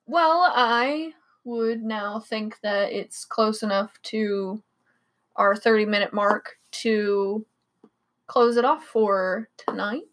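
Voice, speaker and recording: A woman co-hosting a late-night podcast, talking haltingly as she searches for words. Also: medium pitch, fairly bright tone. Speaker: podcast co-host. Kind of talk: casual late-night chat.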